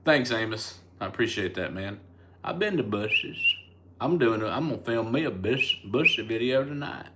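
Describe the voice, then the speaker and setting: A man's voice: fairly low pitch, expressive, moderate pace, noisy background. A man with a Southern US accent, a comedian casually chatting live with his fans and answering their comments in a laid-back, rambling way. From United States.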